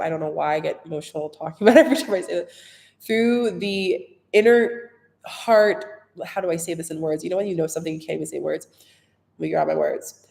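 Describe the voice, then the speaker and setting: A woman's voice: mid-range voice, darkish tone, in a large hall. A woman who works as a spiritual healer, chatting casually on a livestream in a dreamy, rambling way, full of "like" and small laughs. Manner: dreamy, rambling storyteller with frequent laughs and "like" fillers. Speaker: spiritual healer and retreat guide.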